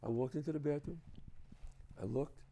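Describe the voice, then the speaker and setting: A man with a New York accent telling animated, profane stories as a guest at a home, acting out the other people in them. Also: a little high, normal speed, creaky. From the Bronx, New York. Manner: emphatic, profane, acts out other people's lines. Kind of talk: animated storytelling.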